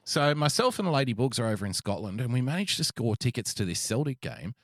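A man's voice: mid-range voice, very animated, fast, a bit bright, dry recording, studio quality. A man co-hosting a podcast, telling a long, profane, rambling anecdote in casual chat. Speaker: podcast co-host.

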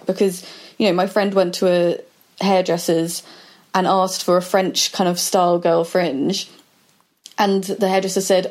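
A woman in a relaxed podcast conversation, telling stories in a chatty way and acting out what people said. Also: on the low side, a little slow. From Britain. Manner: chatty storyteller acting out quoted dialogue.

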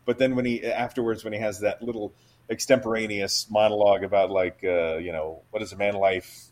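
A man's voice: fairly low pitch, steady tone, brisk, a little mellow. A man co-hosting a casual movie podcast, talking with enthusiasm about the acting in a film. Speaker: podcast co-host.

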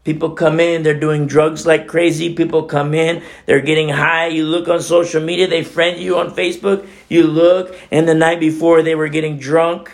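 Male pastor, slightly raised pitch and gravelly texture, chatty sermon delivery with emphatic swells and quiet asides. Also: normal speed, few pauses. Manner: animated, swinging from emphatic outbursts to hushed near-whispers. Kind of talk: conversational sermon.

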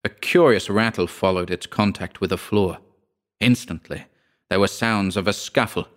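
A man with a low, deep voice narrates an old ghost story. His reading is measured and expressive, with scripted storytelling delivery.

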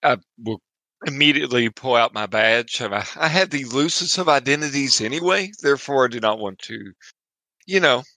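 A man's voice: medium pitch, lively intonation, moderate pace, pushed and bright. A man playing a tabletop role-playing game, chatting casually and playfully with frequent restarts. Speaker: player.

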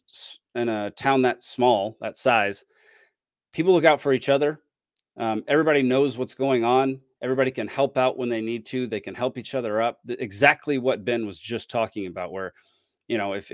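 A man hosting a podcast, giving casual commentary in a halting way with many fillers and restarts. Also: mid-range voice, no echo, clean studio sound. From Georgia, US. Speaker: podcast host reacting to a clip.

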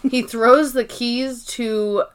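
A woman's voice: a little high, fairly even intonation, slow pace, clear, resonant tone. A woman co-hosting a podcast, casually recapping episodes in loose, profane talk and laughing along the way. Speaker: podcast co-host.

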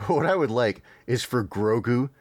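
A man's voice: medium pitch, animated, a little slow, no room sound. Chatty man hosting a podcast, dry mic. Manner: rambling, chatty, frequent fillers and laughs. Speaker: podcast host. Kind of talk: casual podcast chat reviewing cartoons.

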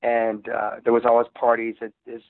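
Rambling rock musician on a phone line. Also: male voice, medium pitch, monotone, normal speed, no echo. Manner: rambling with many restarts. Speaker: musician guest. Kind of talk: casual interview storytelling.

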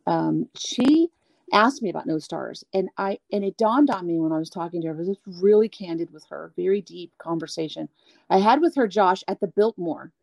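A woman being interviewed as a guest singer, talking candidly and at length, animated, acting out the people she quotes. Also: fairly low pitch, moderate pace, gravelly, no echo. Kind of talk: candid storytelling chat.

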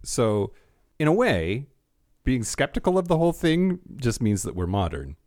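In casual podcast banter, this male co-host wanders through his thoughts, starts sentences over, and cracks wry jokes. He has a medium, sing-song pitch with a darkish tone and a moderate pace. It's studio quality with no echo.

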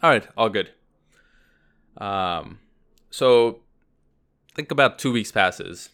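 A man's voice: on the low side, animated, slow, a bit bright, clear, resonant tone. A man co-hosting a podcast, telling a long personal story in a rambling, casual way. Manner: rambling anecdote with acted-out quotes. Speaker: podcast co-host.

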